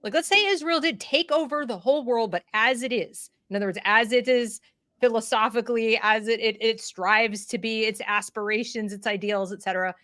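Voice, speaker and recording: A woman hosting a discussion, talking in an animated way with many fillers and restarts. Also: fairly high pitch, brisk, no room sound, clean studio sound. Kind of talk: conversational discussion.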